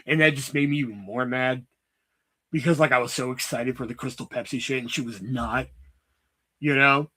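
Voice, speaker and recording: A man's voice: a little high, steady tone, brisk, sharp tone. A man hosting his own livestream, telling a long rambling story in casual, profanity-heavy chat full of "you know" asides. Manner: profane, chatty, lots of "you know" fillers. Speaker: livestream host.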